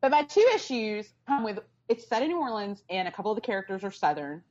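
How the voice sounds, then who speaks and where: A woman co-hosting a casual pop-culture podcast, talking in a sarcastic, animated way. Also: mid-range voice, quick pace. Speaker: podcast co-host. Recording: dull lo-fi sound.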